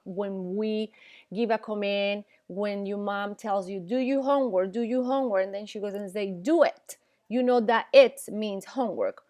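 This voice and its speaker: A woman's voice: mid-range voice, a little mellow. A woman teaching Spanish, explaining grammar patiently, repeating examples and often checking in with "okay?". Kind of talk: classroom grammar lesson.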